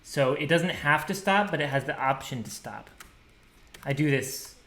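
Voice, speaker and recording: A man's voice: fairly high pitch, moderate pace. Man casually explaining his drum program. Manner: relaxed, thinking aloud, scats drum rhythms. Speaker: programmer demonstrating his software. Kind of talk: casual screen-share tutorial.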